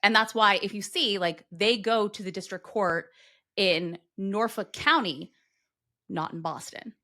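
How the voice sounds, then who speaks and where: A woman's voice: mid-range voice, a little slow, pushed and bright. A woman co-hosting a podcast, chatting at length and explaining background in a casual way. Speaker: podcast co-host. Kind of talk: casual chat.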